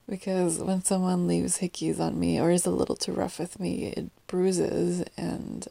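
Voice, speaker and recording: A young woman with a groggy morning voice, talking in a hushed, halting whisper into a close mic, with many pauses and soft laughs. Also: on the low side, vocal fry, no room sound. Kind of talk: whispered intimate monologue.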